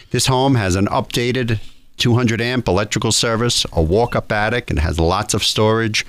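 A man co-hosting a radio show, reading a home listing in a plain, even way. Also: on the low side, no room sound. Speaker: radio co-host. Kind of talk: radio talk and a read real-estate listing.

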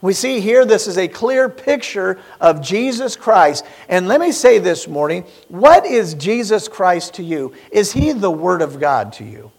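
High-voiced man preaching a Sunday sermon. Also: big pitch swings. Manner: preaching with rising emphasis and rhetorical questions; reads scripture in slow, stressed phrases. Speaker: pastor.

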